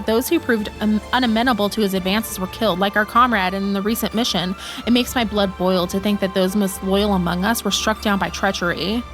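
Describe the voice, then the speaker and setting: A woman's voice: medium pitch, a bit bright, close to an everyday voice. A woman reading as a formal samurai captain. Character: stern male samurai captain, formal, remorseful. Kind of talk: reading game dialogue aloud.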